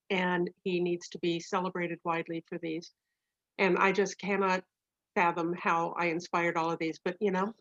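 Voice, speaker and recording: A woman's voice: mid-range voice, dry recording. Woman in her 60s, casual co-host, gushing and laughing, dry close sound, dull video-call audio. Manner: warm, gushing, laughs often. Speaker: co-host, poet's wife. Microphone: computer mic on video call.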